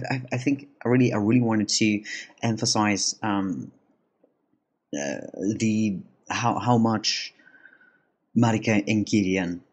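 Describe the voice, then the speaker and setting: Husky, lowish male host, chatty voice-over storytelling, rambly with lots of laughs and stumbles. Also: darkish tone. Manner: rambling, laughs often, many restarts. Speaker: comic artist and channel host. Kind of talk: casual voice-over narration.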